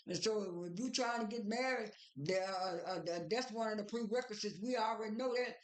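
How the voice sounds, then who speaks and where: A woman's voice: medium pitch, a little fast. A woman casually recapping TV episodes in a rambling way, full of fillers and restarts as she retells what was said. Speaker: reality TV recap vlogger. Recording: roomy echo.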